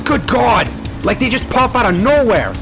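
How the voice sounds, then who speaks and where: A young man hosting let's play commentary, excitable and frantic, swearing often. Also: very high-pitched, moderate pace, creaky. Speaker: gaming channel host. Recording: game music underneath.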